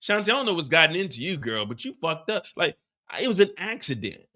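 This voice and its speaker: A man voicing a defensive young man who insists, fast and profane, that it was all an accident. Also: fairly high pitch, very animated, pushed and bright.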